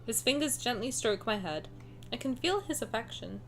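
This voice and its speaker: Giggly, animated young woman streamer. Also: fairly high pitch, normal speed, slight background noise. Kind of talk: reading game text aloud and chatting.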